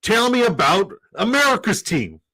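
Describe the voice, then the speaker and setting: A man's voice: sits high, sing-song, moderate pace, sharp tone, voice pushed up, exaggerated voice. A man voicing a brash Texan football fan with a Texan accent, speaking in a boisterous drawl. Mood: mocking.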